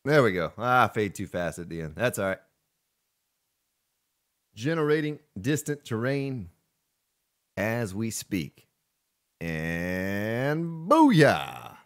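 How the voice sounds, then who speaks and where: A man's voice: fairly low pitch, lively intonation, measured pace, pauses often, fairly bright tone. A man hosting a let's play, chatting casually in a folksy, playful way while he plays. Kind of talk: casual gameplay commentary.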